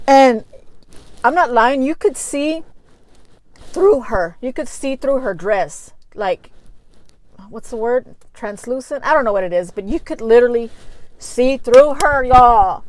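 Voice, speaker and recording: A middle-aged woman, telling a personal story to her viewers in a casual, animated way. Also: fairly high pitch, dry recording, rough recording. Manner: animated, addresses viewers as y'all. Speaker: vlogger.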